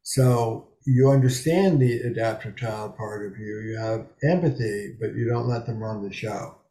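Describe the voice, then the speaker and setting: Speaking unhurriedly in a lowish, warm voice, a man in his seventies answers interview questions as a psychotherapist guest. He's frank and emphatic and swears freely, and the small bedroom study he's in gives an echoey sound.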